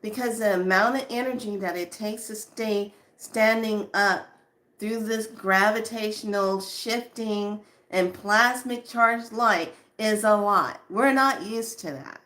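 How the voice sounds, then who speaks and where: A spiritual teacher, a woman with a mid-range voice, talks casually to her viewers about spiritual matters. She's chatty and lively, laughs a lot, and slows into a soft hush on the calming lines.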